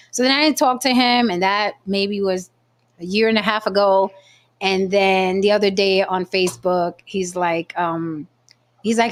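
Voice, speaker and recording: A woman hosting a casual chat show, telling a dating story in an animated way with plenty of swearing. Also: medium pitch, normal speed. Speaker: podcast host.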